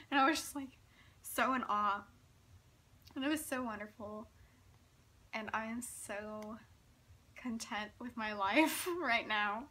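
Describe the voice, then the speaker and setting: A nineteen-year-old woman telling a personal story in a giggly, gushing, breathless way, full of "like" and quick laughs. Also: a little high, sing-song, bright, forceful tone. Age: young adult. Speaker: vlogger.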